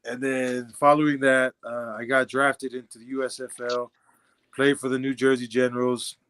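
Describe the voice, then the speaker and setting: Animated young man telling stories. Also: medium pitch, moderate pace, clean tone. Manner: animated, acts out dialogue, laughs often. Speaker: podcast guest, former football player. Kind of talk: casual storytelling.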